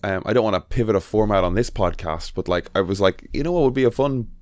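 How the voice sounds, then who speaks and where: Rambling Irish man, lowish voice. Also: fast talker, dry recording, clean studio sound. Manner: rambling, swears casually, frequent restarts. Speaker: podcast co-host. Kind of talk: casual chat.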